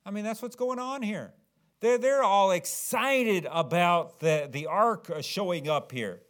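Brief: male preacher, slightly high voice, dramatic sermon delivery with big dynamic swings. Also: unhurried. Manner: dramatic, swings from low earnest tones to loud acted shouts.

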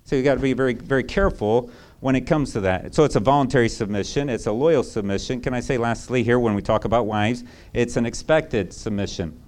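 A man's voice: mid-range voice, a little fast, a little mellow. A male pastor preaching a sermon in a conversational, emphatic way, often checking in with rhetorical asides.

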